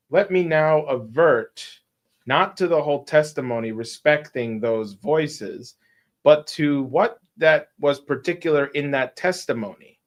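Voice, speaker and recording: A man reads a classic detective tale aloud on a relaxed live stream. He works through a long, wordy speech, sometimes tripping over a word and starting it again. His voice sits at an ordinary middle pitch. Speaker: co-host reading a classic story aloud.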